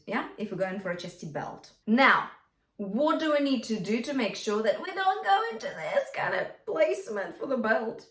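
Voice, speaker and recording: A woman's voice: on the high side, a bit bright. Woman vocal coach, roomy distant sound. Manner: encouraging, checks in with "yeah?" often, demonstrates by singing. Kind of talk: singing lesson to camera.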